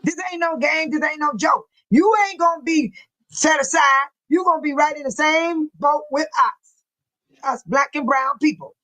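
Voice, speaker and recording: A woman, hosting a casual live chat, reading viewer comments aloud and laughing loudly in folksy slang. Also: sits high, moderate pace, rough recording. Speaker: livestream host.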